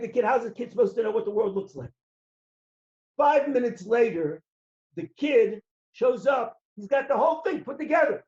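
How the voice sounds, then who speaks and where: A man preaches as a rabbi and tells his stories with animation. He acts out the characters' voices and shouts at the peaks. The sound is roomy and dull, like a lo-fi hall recording. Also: very high voice. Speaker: rabbi giving a talk. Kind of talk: sermon with stories.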